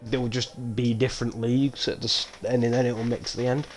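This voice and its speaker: A man giving live race commentary on a stream, with casual, rambling, self-mocking banter that turns loud and excited when incidents happen. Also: medium pitch, brisk, slight background noise. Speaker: sim racing league commentator.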